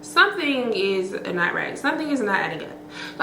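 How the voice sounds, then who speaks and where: Bright-voiced woman telling a storytime. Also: mid-range voice, normal speed, reverberant, slight background noise, low-quality recording. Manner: chatty, slangy and profane, with many fillers; expressive, acts out quotes. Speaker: storytime vlogger. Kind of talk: casual storytelling to viewers.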